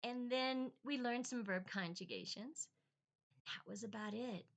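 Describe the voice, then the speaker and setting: A middle-aged woman telling a casual, rambling personal story with many ums and restarts, on a quiet, poor-quality recording. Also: a little high, a little slow, vocal fry. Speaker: vlogger, language encourager. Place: lives in Bolivia.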